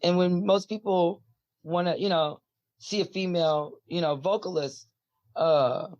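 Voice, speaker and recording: Guest voice: husky, deep-voiced woman, rambly and filler-heavy, dull dry lo-fi audio. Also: steady tone, unhurried, a little mellow, no echo. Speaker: musician guest. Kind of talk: casual interview talk.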